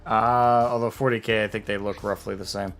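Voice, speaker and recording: A man hosting a casual chat while painting miniatures, talking in a relaxed, chatty way with pauses. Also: lowish voice, faint music behind.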